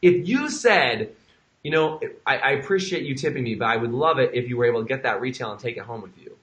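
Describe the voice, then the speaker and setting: A man hosting an interview, enthusiastic and animated, playing devil's advocate for hairdressers. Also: medium pitch, fast. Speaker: interview host. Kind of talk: conversational interview. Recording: echoey room.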